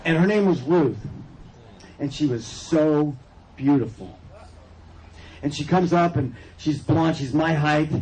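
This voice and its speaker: A man's voice: on the high side, takes it slowly, long pauses, a little mellow, rough recording. A man from California speaking at a recovery convention, telling his personal story in a loose, joking way with asides to the audience. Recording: crowd and noise behind. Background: audience laughter and room noise.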